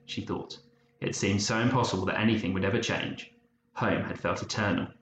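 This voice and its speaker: A man narrating an audiobook in a measured, even storytelling manner. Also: low-pitched. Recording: muffled roomy recording, faint hiss.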